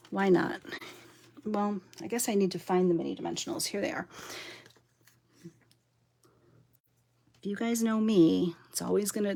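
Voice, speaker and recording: Giggly gravelly-voiced woman crafting live. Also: mid-range voice, dark tone. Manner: chatty and giggly, talks to viewers while working. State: overtired and punchy. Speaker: papercraft demonstrator. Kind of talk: live-stream crafting chat.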